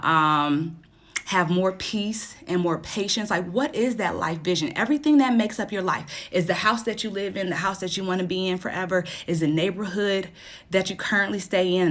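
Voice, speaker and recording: A woman's voice: lowish voice, a bit bright. A woman in her thirties hosting a live stream, giving a casual motivational talk and repeating her questions in a chatty, encouraging way. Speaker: host of a live stream for women.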